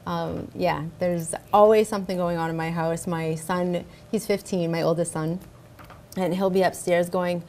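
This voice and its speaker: A middle-aged woman speaking as a spirit medium guest in casual interview chat, warm and enthusiastic, often repeating herself. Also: fairly low pitch, fairly even intonation, normal speed, a little hiss or hum. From United States.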